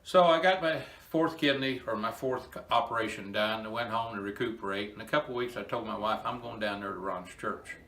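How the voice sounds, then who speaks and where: A man's voice: fairly low pitch, brisk, hardly any pauses, fairly bright tone. Earnest older man in an echoey barn. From Indiana, USA. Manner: earnest, emotional, folksy. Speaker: inspirational storyteller. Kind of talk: personal testimony talk.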